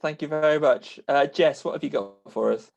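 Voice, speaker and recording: A male host with a gravelly, slightly raised voice runs a casual chat over a video call. He is relaxed and laughs easily as he passes to each guest. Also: on the high side, highs cut off. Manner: easygoing, quick to laugh. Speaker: show host. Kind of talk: casual chat-show hosting.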